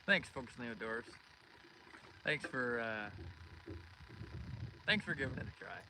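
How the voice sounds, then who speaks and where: Man, mid-pitched voice, casual live-stream chat, outdoors on a boat, wind and outdoor noise. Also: lively intonation, a little slow, pushed and bright, rough recording. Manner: chatty, greets viewers by name. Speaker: fishing livestream host. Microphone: phone streaming live.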